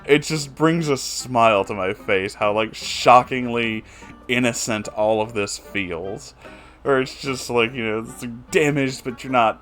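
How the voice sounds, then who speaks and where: A man's voice: mid-range voice, a little slow, fairly bright tone, soft background music. Amused, rambling man reviewing a story. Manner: rambling and amused, full of "like" and "you know"; swears casually. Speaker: host reading and reviewing a fan fiction. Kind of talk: casual commentary.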